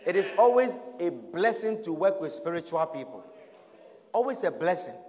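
A man preaching a lively sermon as pastor, laughing and shouting as he acts out people's words. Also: on the high side, normal speed. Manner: animated, often laughing and shouting, acts out quoted voices. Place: church hall. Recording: echoey hall with crowd. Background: congregation.

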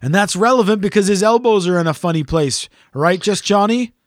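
A man's voice: high voice, animated, brisk, dry recording, studio quality. A man hosting a casual chat, telling a teasing, swear-filled story about a gig he sang at. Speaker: podcast host and gigging singer.

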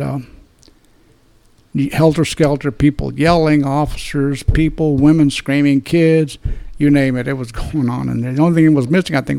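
Gravelly older man telling a story. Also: medium pitch, mellow. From Dallas, Texas. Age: 70s. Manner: plain-spoken, profane, restarts and repeats words. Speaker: retired police detective. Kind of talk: storytelling in an interview.

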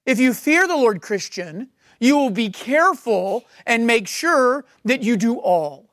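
A woman preaching a sermon, reading scripture slowly and repeating key words for emphasis. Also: on the high side, animated, dry recording, clean studio sound.

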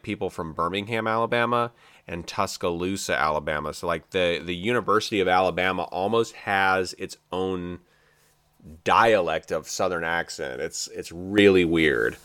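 A man from the US South co-hosting a casual, joking chat about movie trailers, full of fillers and excited asides. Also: low-pitched, moderate pace, smooth, dry recording. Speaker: podcast co-host.

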